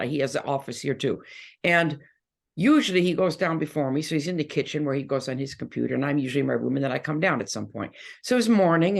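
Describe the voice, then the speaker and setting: An older woman guesting in an interview, telling lively stories in casual chat and laughing often. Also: low voice, gravelly.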